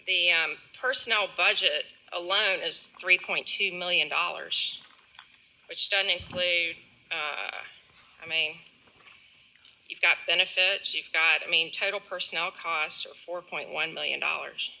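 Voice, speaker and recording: A man heading an animal center, answering commissioners' questions in a defensive, halting way. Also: a little high, fairly even intonation, creaky, pushed and bright, poor audio. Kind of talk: public meeting testimony.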